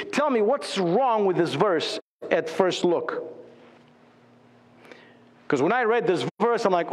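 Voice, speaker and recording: A man preaching a sermon as pastor, acting out the voices of biblical figures in lively bursts. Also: high voice, slow pace. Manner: acts out voices of biblical figures with animated shifts. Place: church sanctuary. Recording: church hall reverb.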